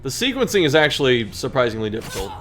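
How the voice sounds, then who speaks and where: Male game host, mid-pitched, reads story text and jokes about his own misplays over faint music. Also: very animated, quick pace, a bit bright. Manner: self-deprecating, laughs at own mistakes. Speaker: gaming video host. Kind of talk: reading game text aloud and playing commentary.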